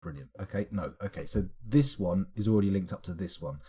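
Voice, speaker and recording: A man's voice: sits low, brisk, dark tone, breathy edge. A man streaming a strategy game live, muttering to himself as he clicks through menus and now and then answering his chat. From United Kingdom. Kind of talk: live gameplay commentary.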